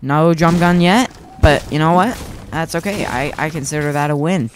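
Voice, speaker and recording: A young man giving casual, excitable commentary on his own gameplay, self-mocking and prone to repeating himself. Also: a little high, normal speed, noisy background. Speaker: gaming YouTuber.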